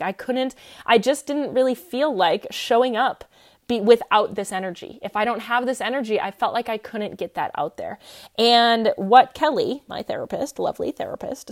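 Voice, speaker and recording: Young woman, podcast host, expressive and animated, casual solo talk into a podcast mic. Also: on the high side. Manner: expressive, animated, many fillers.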